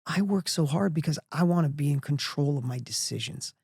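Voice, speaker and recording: Gravelly-voiced emphatic man. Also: on the high side, brisk, no echo, studio quality. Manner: energetic, emphatic, frequent restarts. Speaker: guest. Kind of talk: podcast interview storytelling.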